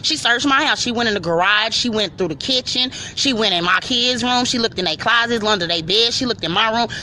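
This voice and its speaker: A woman telling a personal story in a profane, animated way, talking straight to the listener. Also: on the high side, a little fast, slight background noise.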